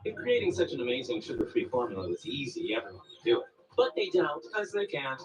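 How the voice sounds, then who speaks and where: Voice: medium pitch, big pitch swings, fast talker, far from the mic, poor audio. An announcer reading a scripted advertisement in a polished, salesy way.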